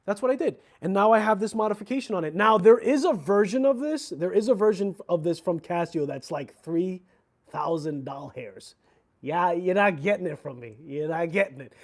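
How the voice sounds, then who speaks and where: A man's voice: high-pitched, animated, moderate pace. A man hosting a casual livestream about watches, talking in a chatty, slangy, rambling way with frequent restarts. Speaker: watch channel host.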